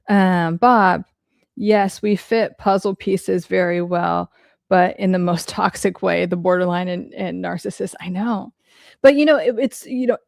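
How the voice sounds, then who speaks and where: A woman hosting a casual live Q&A and answering viewers' questions. She talks bluntly, with lots of "like" and restarts. Her mid-range voice has a gravelly edge, and the dry, close sound has no room echo. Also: medium pitch, darkish tone. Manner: blunt, frank, heavy use of "like". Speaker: host and psychology coach.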